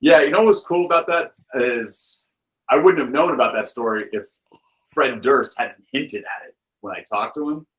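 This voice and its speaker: Guy on a podcast telling a story, chatty, lots of "like" and "um", normal pitch. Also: moderate pace, rough recording. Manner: lively anecdote-teller with loose filler words; acts out the people he quotes with shifted voices. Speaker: podcast guest, film director and author. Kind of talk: casual storytelling.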